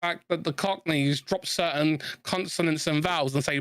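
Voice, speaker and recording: A man's voice: a little high, fairly even intonation, normal speed, fairly bright tone, no echo. Chatty South East London man. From England. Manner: rambling, restarts often, laughs easily. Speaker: gamer chatting with friends. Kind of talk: casual chat over gameplay.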